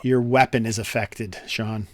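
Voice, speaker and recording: A man's voice: lowish voice, fairly even intonation, measured pace, slight background noise. A man running an online tabletop game as game master, explaining rules with many fillers and restarts. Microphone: headset or desk mic on a video call.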